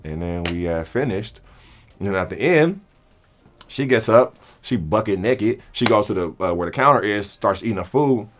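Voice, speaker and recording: A young man telling a comedic story to friends in a casual, animated way, acting out both sides of the conversation. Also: fairly low pitch, moderate pace.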